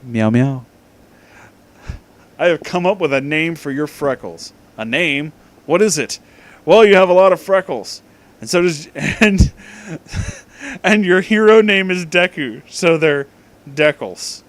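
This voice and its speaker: A young man reads fan fiction aloud in a flat, deadpan way. He keeps stopping to react in disbelief and breaks into laughter. His voice sits a little above the usual pitch for a man. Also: unhurried. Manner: incredulous, laughs often, deadpan reading. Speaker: host reading fan fiction. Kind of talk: comedic reading with commentary.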